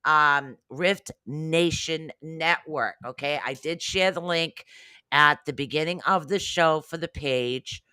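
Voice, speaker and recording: A man's voice: a little high, slow pace, pushed and bright, smooth, no room sound. A man hosting a casual livestream chat, talking in a rambling, chatty way and drifting off topic. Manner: rambling, chatty, easily sidetracked. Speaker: show host.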